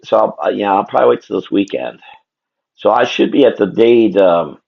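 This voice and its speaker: A man's voice: lowish voice, lively intonation, moderate pace, creaky, breathy edge. A man chatting casually and rambling to himself and his viewers while he draws on a live stream. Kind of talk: casual livestream chat while drawing. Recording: dull lo-fi stream audio.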